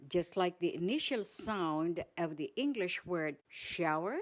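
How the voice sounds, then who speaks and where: A woman with a Filipino accent presenting a basic language lesson, saying each word slowly and repeating it. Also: lowish voice, sing-song. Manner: slow, careful, repeats each word twice. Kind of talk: slow scripted language lesson.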